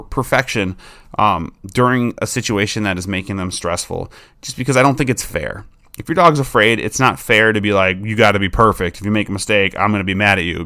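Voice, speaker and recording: A man, a dog trainer, giving casual advice in a chatty way, with many fillers and restarts and lively acted-out quotes. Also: medium pitch, no room sound, clean studio sound. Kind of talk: casual advice talk to camera.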